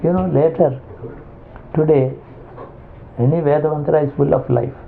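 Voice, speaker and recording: A man giving a spiritual discourse as a teacher, halting and restarting as he searches for words. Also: fairly high pitch, steady tone, creaky. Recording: tinny phone-like lo-fi recording with faint hiss.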